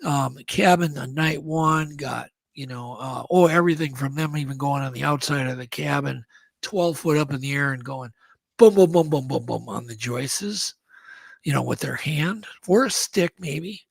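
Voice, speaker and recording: A man, a guest on a show, telling a story in a casual, animated way and acting out the sounds. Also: a little high, moderate pace, vocal fry, breathy edge, dry recording. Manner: animated, acts out sounds and quotes.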